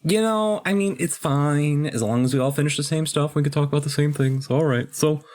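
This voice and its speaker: A man's voice: fairly high pitch, brisk, darkish tone. A man co-hosting a podcast, talking casually about a game, with hesitant restarts. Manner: chatty, hesitant with fillers and restarts. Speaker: podcast co-host. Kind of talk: casual chat recapping a game.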